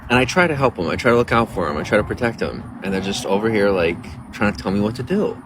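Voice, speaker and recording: Guy w a really low voice rambling on his phone stream outside, cars going by, pretty noisy. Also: expressive, quick pace. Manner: rambling, talks to viewers, reads chat aloud. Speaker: livestream host. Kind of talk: casual livestream chat. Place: outdoors near a coffee shop.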